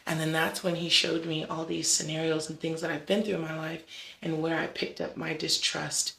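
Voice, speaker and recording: A faith vlog host talking casually to viewers with a gravelly, fry-edged tone and a mid-range pitch. The delivery is conversational, peppered with "like" and "right?". The voice carries a noticeable room echo. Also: level tone, normal speed, sharp tone. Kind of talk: casual devotional talk. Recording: roomy echo.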